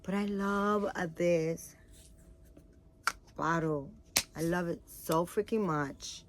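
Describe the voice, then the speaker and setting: Against a noisy background, a tired mother chats slowly to camera in a voice on the low side, yawning as she shows the baby doll items she bought. Her casual talk rambles and is packed with fillers.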